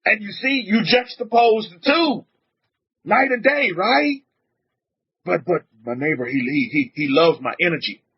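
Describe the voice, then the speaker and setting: A man teaching as a rabbi in a casual, animated sermon, repeating himself and dropping in blessings. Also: high voice, unhurried, breathy edge, lo-fi sound. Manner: animated, repetitive, punctuated with blessings. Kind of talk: informal outdoor sermon.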